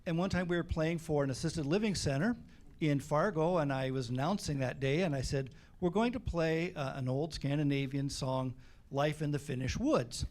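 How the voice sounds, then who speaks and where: A man's voice: fairly high pitch, normal speed, a little mellow. A man, a band member guest, telling funny stories in a casual interview in a community TV studio. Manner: joking, chuckles through his stories.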